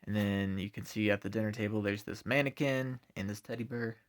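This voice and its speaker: Low-voiced man reviewing comics, hesitant. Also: steady tone, fairly quick, a little hiss or hum. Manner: hesitant, many ums and uhs. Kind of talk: casual spoken review.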